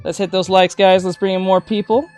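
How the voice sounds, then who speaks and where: A woman art teacher chatting casually on a livestream while drawing, gushing with thanks and breaking into excited shouts. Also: medium pitch, brisk, dry recording. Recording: faint music behind.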